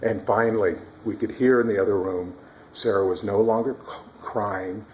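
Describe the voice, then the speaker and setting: A man's voice: lowish voice, steady tone, moderate pace, a little mellow, a little hiss or hum. A man casually telling a personal story about his mother-in-law, at times demonstrating sounds and whispering to explain.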